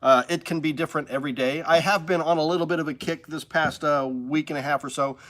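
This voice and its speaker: A man's voice: on the high side, steady tone, fast, fairly bright tone. A man from the hosting a casual live stream from a music store studio, upbeat and rambling.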